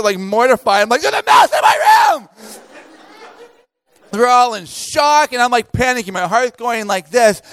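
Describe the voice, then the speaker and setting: High-voiced man telling a comic camp sermon. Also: no room sound. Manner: animated storytelling with many fillers and laughs. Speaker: camp speaker. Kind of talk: humorous sermon to campers.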